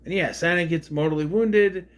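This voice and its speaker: A man giving a casual, rambling spoken review of a film, often restarting his sentences. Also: moderate pace. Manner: rambling, restarts, swings in pitch and loudness. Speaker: movie reviewer.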